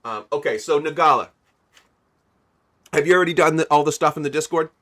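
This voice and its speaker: A man's voice: on the high side, a little fast, fairly bright tone. A man streaming a video game, chatting casually with viewers and thanking them as he plays. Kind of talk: casual livestream chat.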